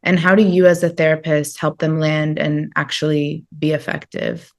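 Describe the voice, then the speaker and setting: A woman's voice: sits low, flat delivery, moderate pace, creaky. A woman hosting a podcast interview, asking thoughtful, searching questions. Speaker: podcast host.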